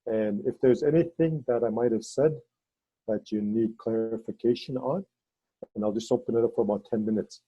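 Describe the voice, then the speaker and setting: A man leading a ceremony, telling stories in a halting way with many fillers and restarts, over a video call. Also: slightly rough, no echo, muffled recording. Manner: halting, with many fillers and restarts, voices quoted people in a higher pitch. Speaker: ceremony leader and storyteller. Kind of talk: storytelling talk on a video call.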